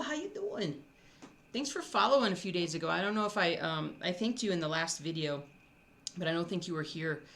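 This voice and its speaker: A woman's voice: sits low, gravelly, a bit bright, slight background noise. A woman who designs cross-stitch, chatting casually with her viewers from home in a rambling way, often restarting her thoughts. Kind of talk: casual live-stream chat.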